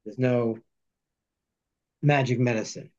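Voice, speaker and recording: A man teaching a text study lesson, reading verses slowly before he explains them. His voice sits at a middle pitch. The recording is a bit dull and lo-fi. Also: fairly even intonation, darkish tone. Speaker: Torah teacher.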